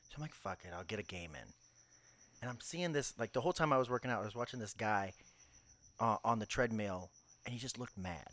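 A man's voice: medium pitch, quick pace. A man in a loose podcast chat, spinning a story with lots of energy. He jumps into other people's voices as he retells what they said and swears without a second thought. His voice sits right in the middle of the usual male range. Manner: animated storyteller, acts out quotes, swears freely. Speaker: podcast co-host.

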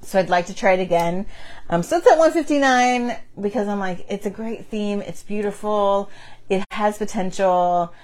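A woman's voice: mid-range voice, normal speed, a little mellow. A woman co-hosting a board game chat, talking casually and putting herself down with frequent laughs. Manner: chatty, self-deprecating, laughs often. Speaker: board game podcast co-host. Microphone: on camera, table mic.

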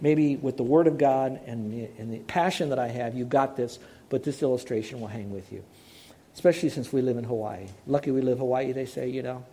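Folksy preacher man, mellow emphatic voice. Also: medium pitch, fairly quick, slight background noise. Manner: emphatic, repeats key words, folksy asides. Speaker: pastor. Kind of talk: sermon. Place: church in Hawaii.

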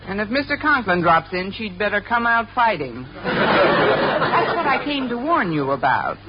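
An actress playing a sarcastic, wisecracking woman schoolteacher in a 1950s radio sitcom, quick with quips and a little flustered. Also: medium pitch, very animated, some chatter behind, a little hiss or hum. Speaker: English teacher. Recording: dull old radio recording with studio audience laughing.

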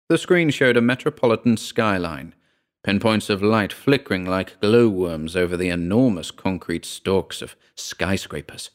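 A man reading a first-person story aloud in a wry, measured way. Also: sits low, expressive. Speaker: narrator.

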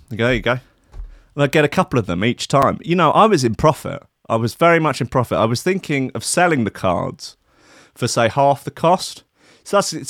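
A man's voice: mid-range voice, a bit bright, no room sound, studio quality. A man hosting a radio show, talking in a rambling, sweary, comic way with trailing asides.

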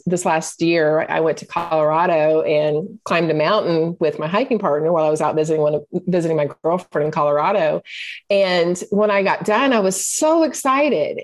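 A middle-aged woman talking as a podcast guest, candid and reflective, often searching for her words. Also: low voice. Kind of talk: personal storytelling in conversation.

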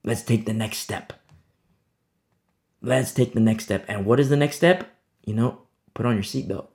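A man preaching a sermon, firing rhetorical questions and swinging between loud, emphatic lines and hushed ones. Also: fairly low pitch, creaky.

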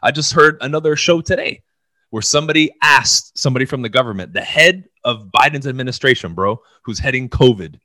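A man talking in a casual podcast with a bright, forceful tone and a dry, close sound. He is blunt and swears freely, and he keeps acting out little scenes. His pitch sits in the middle. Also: brisk, no room sound. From United States. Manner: blunt, profane, animated storytelling. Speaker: podcast co-host.

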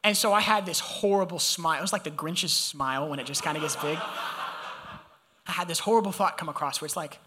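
A young man from Georgia preaching a sermon, telling a personal story in an animated, conversational way and talking straight to the congregation. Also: fairly high pitch, brisk, background noise. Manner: animated, conversational, addresses audience directly.

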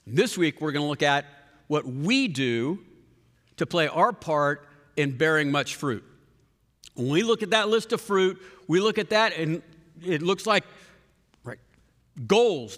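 A man delivers a conversational sermon, breaking off to restart his sentences and speaking straight to the congregation. His voice sits fairly high and sounds bright and forward. A long reverb trails behind his words, as in a large hall. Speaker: pastor.

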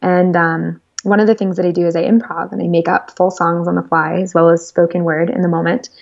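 A woman speaking as an interview guest, telling stories in a lively, rambling way with lots of fillers. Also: on the low side, brisk, vocal fry, highs cut off. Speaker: guest entrepreneur. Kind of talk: casual storytelling interview.

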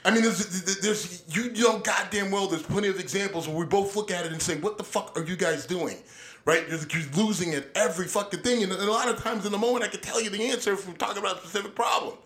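A man's voice: high-pitched, fast talker, a bit bright. A man co-hosting a heated political chat, swearing constantly, ranting and tripping over repeated words. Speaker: podcast co-host.

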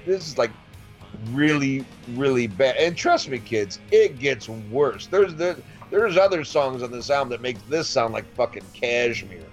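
A man's voice: mid-range voice, expressive, measured pace. A man co-hosting a casual music chat, blunt and scornful with heavy swearing. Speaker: music podcast co-host.

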